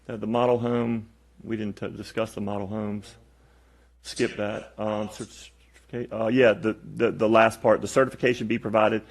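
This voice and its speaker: A man serving as a county commissioner, reading out conditions for a motion in a halting way, correcting himself as he goes. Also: lowish voice, level tone, vocal fry.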